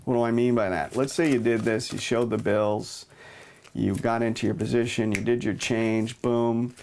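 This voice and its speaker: A man teaching a money-change magic trick, explaining step by step in a relaxed way and punctuating moves with "boom.". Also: normal speed, a little hiss or hum. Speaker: magic instructor. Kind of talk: demonstrating and explaining a card trick.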